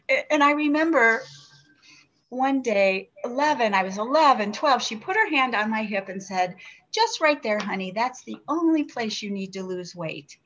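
A woman in her sixties shares at a recovery meeting, her voice slightly high with a fairly bright tone. She speaks earnestly and reflectively, often restarting and posing questions to herself. The recording is dull and lo-fi.

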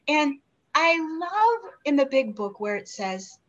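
A woman in her sixties speaks reflectively about her own recovery, restarting often and asking herself questions. Her voice sits fairly high. The recording is muffled and lo-fi. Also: big pitch swings, slow, a bit bright. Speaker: member sharing at a recovery meeting. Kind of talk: personal recovery share. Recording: dull lo-fi recording.

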